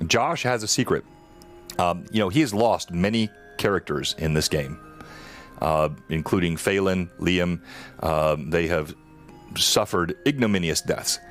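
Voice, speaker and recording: A man's voice: sits low, a little slow, fairly bright tone, soft background music. A man hosting a live-streamed tabletop game as game master, playful and teasing. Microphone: headphones on, streaming setup.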